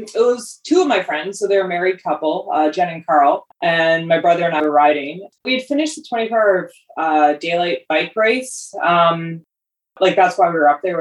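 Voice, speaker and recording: A woman's voice: lowish voice, roomy sound, recorded from a distance, poor audio. A woman telling a story in casual interview talk, with plenty of fillers. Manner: chatty, with many fillers.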